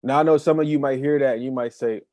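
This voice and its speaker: A man's voice: mid-range voice, steady tone, fast, darkish tone, dry recording. Emphatic man coaching, dry close sound. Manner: emphatic, repeats key phrases for effect. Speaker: co-host and manifestation coach. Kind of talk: casual podcast chat.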